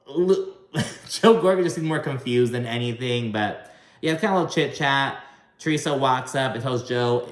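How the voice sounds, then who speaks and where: A man's voice: medium pitch, moderate pace. Profane, gossipy man in a roomy space. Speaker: reality TV recap host. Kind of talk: casual video recap commentary.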